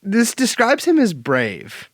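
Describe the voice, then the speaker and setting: Lively, high-voiced man joking around. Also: slow, no room sound. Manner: joking, laughing, animated asides. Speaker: podcast co-host. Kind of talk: casual chat.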